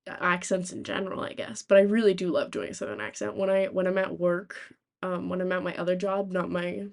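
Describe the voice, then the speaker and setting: A woman's voice: on the low side, brisk, creaky. Rambling young woman streamer. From United States. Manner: rambling, animated storytelling with swearing. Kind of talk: casual chat.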